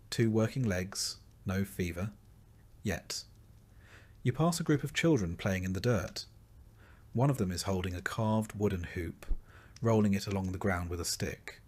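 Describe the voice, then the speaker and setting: Calm low-voiced man narrating a sleep story. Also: breathy edge. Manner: slow, soft and calm.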